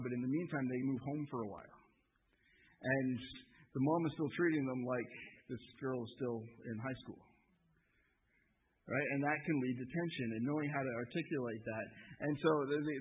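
Male pastor, mid-pitched, relaxed conversational sermon; thin lo-fi recording. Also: a little hiss or hum. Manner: conversational, repeats words while thinking. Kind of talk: sermon teaching. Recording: phone-like tinny sound, faint ambience.

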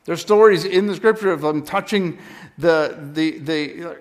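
A man's voice: on the high side, moderate pace. A man preaching a sermon in a conversational teaching style, often stopping to correct himself. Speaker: pastor.

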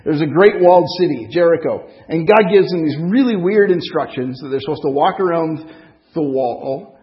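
French-accented man preaching, fairly high voice. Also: lively intonation, normal speed, muffled recording. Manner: conversational, with fillers, asks the congregation questions. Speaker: pastor. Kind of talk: sermon. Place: church hall.

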